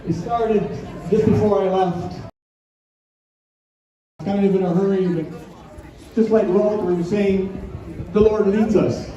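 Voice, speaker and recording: A man's voice: high-pitched, warm tone, roomy sound, far from the mic, dull audio. A man giving a plainspoken religious testimony at a rally, reading scripture aloud. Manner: slow, plainspoken, reads scripture. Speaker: rally speaker.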